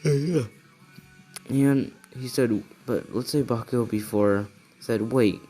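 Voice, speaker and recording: A man's voice: mid-range voice, takes it slowly, mellow, faint music behind. A tired young man improvising a fan story, rambling and hedging with lots of fillers. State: tired, yawning.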